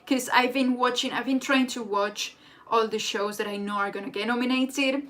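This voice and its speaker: A young woman, a native Spanish speaker, hosting a casual live chat in an excitable, rambling way. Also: on the high side, moderate pace. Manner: excitable and rambling, with frequent restarts. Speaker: livestream host. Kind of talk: casual live chat reading viewer comments.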